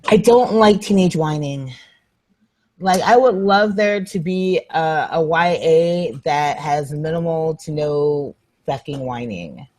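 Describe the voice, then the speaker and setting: A woman's voice: sits low, takes it slowly, darkish tone, poor audio. A woman co-hosting a book show in casual chat, blunt and wry, swearing casually.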